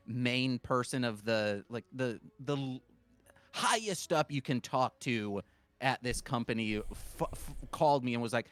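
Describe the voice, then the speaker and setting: Animated, joking man on a podcast. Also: mid-range voice, smooth, no room sound. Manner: jokey, animated storytelling. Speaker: podcast co-host. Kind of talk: casual chat.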